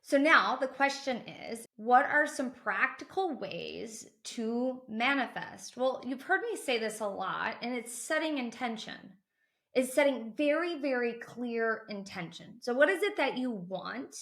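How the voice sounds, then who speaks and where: Woman, manifesting coach, motivational teaching, emphatic, repetitive phrasing, somewhat high pitch. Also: lively intonation, measured pace, a bit bright. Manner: emphatic, repeats phrases for stress.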